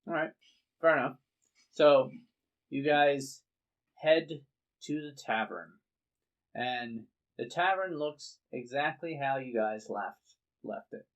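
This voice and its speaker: A man narrating a tabletop game as game master, easygoing and halting, with fillers as he describes the scene. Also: mid-range voice, dull audio.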